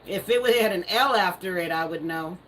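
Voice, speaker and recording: A woman's voice: on the low side, a little fast, a bit bright, slight background noise, low-quality recording. A woman hosting a live stream, casually reading viewer comments aloud and teasing them, laughing often. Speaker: livestream host.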